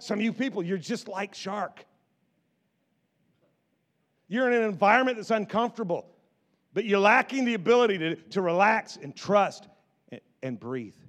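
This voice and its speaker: A middle-aged man preaching a sermon as pastor, animated, often repeating words and acting out quotes from scripture. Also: sits high.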